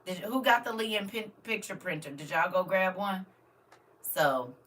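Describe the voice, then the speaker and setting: An older grandmother chats on a live stream, talking right to her viewers. Her voice is bright and a little tense. She sits a bit back from the camera mic, so she sounds slightly distant. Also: mid-range voice, lively intonation, measured pace. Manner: chatty, talks straight to viewers. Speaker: vlogger. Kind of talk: casual live stream chat.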